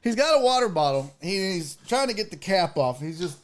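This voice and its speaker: Animated, swearing male storyteller. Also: high-pitched, normal speed. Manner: animated, profane, laughs often. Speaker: sports talk show host. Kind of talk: casual comic storytelling.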